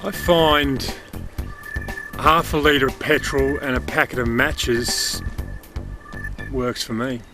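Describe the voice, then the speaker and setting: A man, a guest comedian, giving deadpan, absurd answers to interview questions. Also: mid-range voice, takes it slowly, pauses often, over music.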